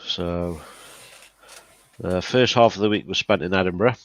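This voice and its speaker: A man's voice: deep voice, a little slow, fairly bright tone, no room sound. A man co-hosting a casual livestream chat, wry and understated, talking into a computer mic. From United Kingdom. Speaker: co-host.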